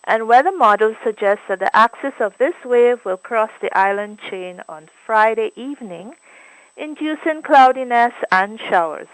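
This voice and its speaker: A woman reads a radio weather report in a clear, measured, cheerful voice. Her voice sits a little high, and the sound is close and dry. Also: dry recording, rough recording. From Grenada. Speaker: weather forecaster.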